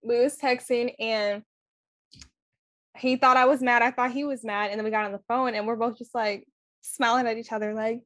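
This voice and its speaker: A woman co-hosting a casual podcast from home, animated and self-deprecating, often laughing. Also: on the high side, moderate pace, dry recording, studio quality. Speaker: podcast co-host. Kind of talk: casual chat. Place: at home, separate room.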